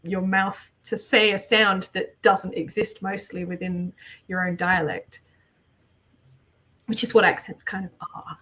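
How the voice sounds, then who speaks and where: A woman's voice: medium pitch, fairly even intonation, unhurried, pushed and bright. An English woman in casual chat on a group art stream, explaining things thoughtfully at length, with frequent ums.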